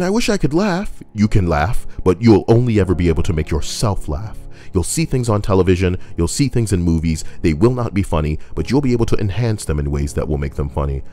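A streamer with a low, warm voice reads online posts and riffs on them comedically. His humor is crude and jokey, and he drifts into silly voices and bursts of singing.

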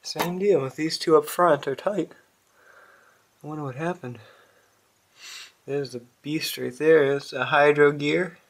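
A man with a New England accent talks through a mower repair in a garage, his voice a touch higher than most men's. He rambles with plenty of ums and the odd swear. The sound comes from a camera mic that drifts nearer and farther as he moves around. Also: steady tone, a little slow, pauses often. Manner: rambling, profane, with many fillers. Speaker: small engine repair vlogger. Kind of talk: casual workshop chat.

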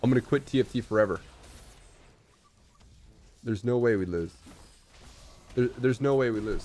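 A man streaming an auto-battler match and commenting live, excitable and swinging from low mutters to shouts. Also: normal speed, long pauses, noisy background.

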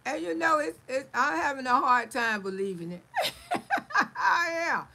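A woman's voice: high voice, animated, normal speed, gravelly, pushed and bright, rough recording. A middle-aged woman hosting a live stream, chatting casually, reading viewer comments aloud, blunt and salty, laughing often.

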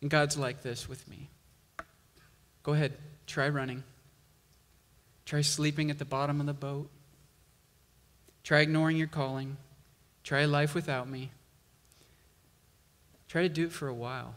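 A male pastor preaching a sermon, slow and emphatic, building intensity on key lines. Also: fairly high pitch, steady tone, fairly bright tone, in a large hall.

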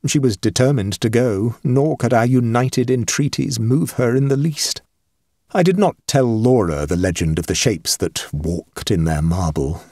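Low, husky male storyteller. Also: no room sound, clean studio sound. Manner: measured and expressive. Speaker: audiobook narrator. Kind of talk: scripted narration of a ghost story.

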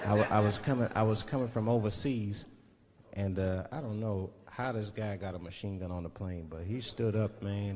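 A man's voice: fairly low pitch, normal speed, a loud crowd. A man doing a stand-up comedy set, storytelling loosely and dropping into voices. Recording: live stand-up hall with audience. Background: audience laughter.

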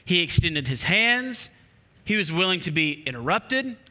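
A man preaching a sermon as a pastor, animated and repetitive, with playful asides to the congregation. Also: high voice, a little slow. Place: church auditorium. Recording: long hall reverb.

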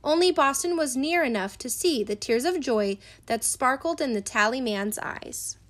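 A woman reading a storybook aloud with an expressive storytelling cadence. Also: high voice, moderate pace. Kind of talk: storybook read-aloud narration.

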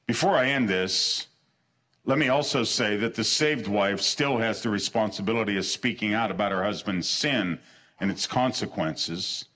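A man's voice: lowish voice, normal speed, pushed and bright. A man preaching a sermon as pastor, earnest, repeating short phrases for emphasis and restarting his sentences. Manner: stumbles and restarts mid-sentence.

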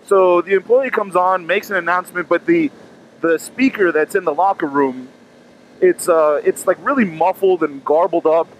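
Animated, profane man telling a story. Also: high voice, normal speed, a little hiss or hum, rough recording. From Miami. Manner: animated, profane, acts out quotes. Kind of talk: casual storytelling.

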